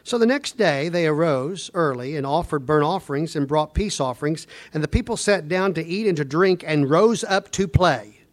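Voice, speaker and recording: A man preaching a sermon, retelling a scripture story with repetition and dropping his voice low when reading verses. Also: lively intonation, moderate pace, hardly any pauses.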